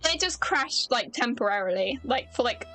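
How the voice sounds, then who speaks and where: Chatty, self-mocking British streamer. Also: female voice, fairly high pitch, lively intonation, normal speed, bright, forceful tone, soft background music. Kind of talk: casual gameplay commentary.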